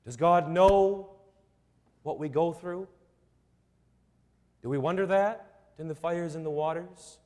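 A man preaching a sermon, slow and emphatic, with repeated rhetorical questions. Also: fairly high pitch, darkish tone, long reverb tail.

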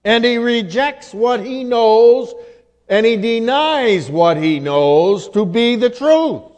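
A male preacher delivering a sermon in a deliberate, emphatic manner and quoting scripture in old-fashioned wording. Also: very high-pitched, animated, a little mellow. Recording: long hall reverb.

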